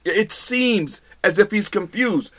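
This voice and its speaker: Male Bible teacher, higher voice, emphatic, repeats and restarts phrases, live study teaching. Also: takes it slowly, bright, forceful tone. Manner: addresses listeners directly with "okay?".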